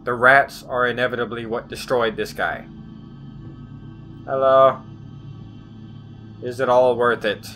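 A man doing sarcastic, foul-mouthed commentary while playing a horror video game and yelling at it. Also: medium pitch, fairly even intonation, slow pace, long pauses, faint music behind. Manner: sarcastic, swears often, yells at the game. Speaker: gamer. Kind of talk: horror let's play commentary.

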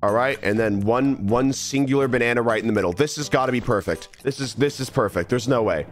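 A man's voice: medium pitch, a little fast. A young man streaming a game live, talking restlessly to himself, mocking himself and repeating phrases, with faint music behind. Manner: restless, self-mocking, repeats phrases under his breath. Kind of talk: live gameplay commentary.

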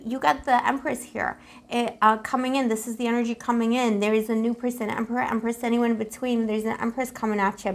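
A woman with a slightly high voice gives a casual tarot reading straight to her viewers. She rambles affectionately and showers them with pet names. Her talk is playful and giggly, and she often teases herself. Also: creaky, a bit bright. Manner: giggly, self-teasing. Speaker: tarot reader.

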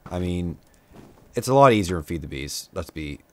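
In a low, expressive voice with a darkish tone, a young man commentates on a video game at a moderate pace. His let's-play talk is casual and chatty, self-mocking, and prone to abrupt outbursts at enemies.

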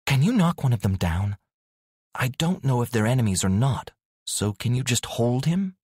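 A man's voice: mid-range voice, big pitch swings, normal speed, a little mellow, breathy edge, dry recording, studio quality, pitched above the performer's own voice. A man voicing a young woman witch in a fantasy audiobook, anxious but determined, speaking urgently. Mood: stern.

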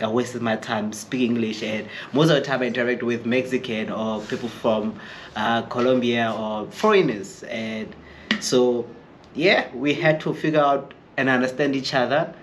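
Male vlogger, mid-pitched, chatty storyteller who mimics others, faint background hiss. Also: fairly even intonation, normal speed, a bit bright. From Eastern Free State, South Africa. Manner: chatty, rambling, acts out quoted people. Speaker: chef vlogger. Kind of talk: casual storytelling to camera.

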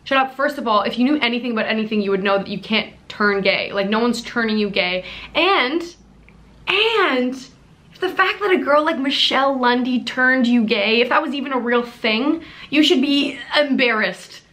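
A woman's voice: a little high, animated, normal speed, fairly bright tone. A young woman giving casual commentary on her channel, blunt and exasperated, with plenty of swearing. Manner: blunt, profane, exasperated ranting. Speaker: commentary YouTuber.

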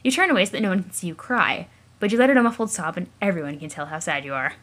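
A woman's voice: on the low side, rapid-fire, fairly bright tone, a little hiss or hum. A woman hosting a let's play, reading a webcomic aloud in a sarcastic, mocking narrator's voice.

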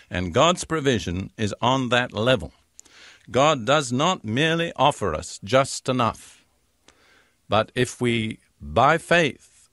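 An older man preaching a Bible teaching, his voice at a middle pitch. He reads scripture slowly and stresses each key word. The sound is dry and close, with no room echo. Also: fairly bright tone. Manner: measured, emphatic reading of scripture verses. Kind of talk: sermon.

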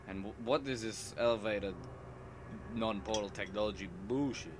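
A young man giving casual, swear-heavy commentary while playing a video game, excitable and prone to sudden loud yelps. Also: lowish voice, moderate pace, background noise. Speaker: let's play gamer.

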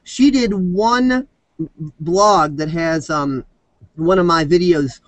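A talkative man with a fairly high voice, chatting over a video call. He rambles in long loose runs, leaning on fillers as he goes. The sound is dry and close, with no room around it. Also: takes it slowly, dry recording, low-quality recording. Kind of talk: casual video-call chat.

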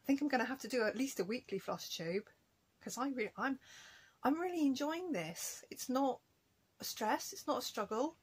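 A woman's voice: high-pitched, lively intonation, normal speed, slightly rough, rough recording. A woman chatting casually to camera as a cross-stitch vlogger, rambling and self-deprecating at home.

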